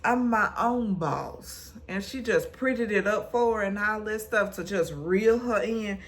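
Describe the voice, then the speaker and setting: A woman, recapping a TV episode in casual, animated storytelling, acting out the characters' lines. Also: mid-range voice, normal speed. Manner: animated storytelling, acts out quotes. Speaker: recap vlogger.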